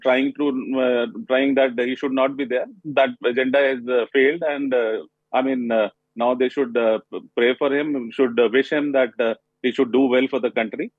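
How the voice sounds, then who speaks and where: A man being interviewed live on a TV panel as a cricket coach, speaking haltingly with many pauses. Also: mid-range voice, fairly even intonation, no echo. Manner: halting, pausing often with fillers. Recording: tinny phone line.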